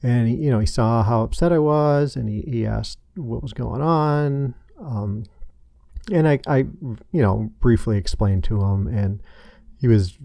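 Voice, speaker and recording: A man hosting his own podcast, telling a painful personal story in a halting way, full of restarts and fillers. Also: mid-range voice, gravelly, dark tone, no echo, clean studio sound. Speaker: podcast host. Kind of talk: personal confessional monologue.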